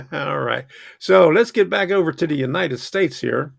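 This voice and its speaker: A man with a heavily gravelly, fry-laden voice talks at a slow, unhurried pace. His pitch sits a bit high for a man. He hosts a model train channel in a rambling, chatty way, and the sound is dry and close. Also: expressive, no echo. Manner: rambling, chatty, self-interrupting. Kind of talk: casual livestream chat.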